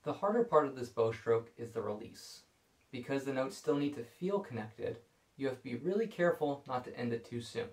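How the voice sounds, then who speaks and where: A man calmly explaining violin bowing technique in a scripted video lesson. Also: medium pitch, a little fast. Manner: calm, explanatory. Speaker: violin teacher. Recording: echoey room.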